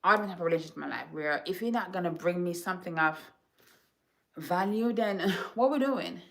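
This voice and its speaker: A woman from Jamaica, a home decor vlogger, telling stories to her viewers in an animated, chatty, dramatic way. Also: fairly low pitch, fairly quick. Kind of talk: casual storytelling to viewers.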